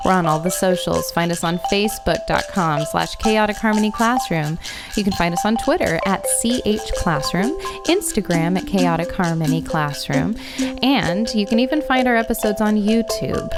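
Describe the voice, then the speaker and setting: Woman hosting a podcast over music. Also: fairly low pitch. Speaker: podcast host. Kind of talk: podcast outro announcements. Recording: music bed behind voice.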